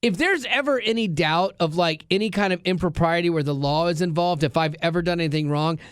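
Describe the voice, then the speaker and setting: A man's voice: on the high side, fairly quick, clear, resonant tone, no room sound, clean studio sound. A middle-aged man hosting a radio show, telling stories in casual chat and acting out the voices of the people in them. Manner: animated storyteller, acts out voices.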